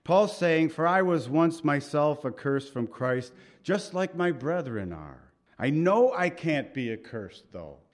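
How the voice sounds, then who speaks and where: A man preaching a sermon in an earnest, conversational way, with asides and pauses as he reads and explains scripture. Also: on the high side, very animated. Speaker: pastor.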